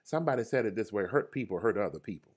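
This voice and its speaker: A man preaching a livestreamed Bible study. He repeats his phrases and calls out to his viewers by name, and his voice swings from loud cries to hushed murmurs. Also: on the low side, animated, rapid-fire. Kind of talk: livestreamed sermon.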